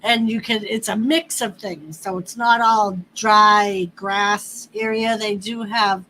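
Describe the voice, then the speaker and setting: A woman from the northeastern United States hosting a livestream, chatting casually in a drawn-out, easygoing way with laughs. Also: mid-range voice, fairly even intonation, pushed and bright, a little hiss or hum, rough recording. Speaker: livestream host. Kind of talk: casual chat with viewers and a partner.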